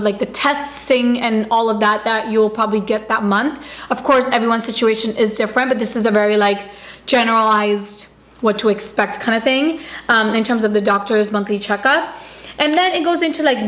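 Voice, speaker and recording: A pregnant young woman chatting casually about products she uses, filling her talk with likes and ums. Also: on the high side. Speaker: vlogger. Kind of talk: casual product review chat. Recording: echoey room.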